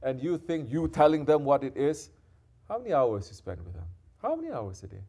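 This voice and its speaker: A man giving a sermon as a sheikh, who moves between quiet, intimate reflection and loud, scolding exhortation and drops Arabic devotional phrases into his talk. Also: mid-range voice, sing-song, a little fast.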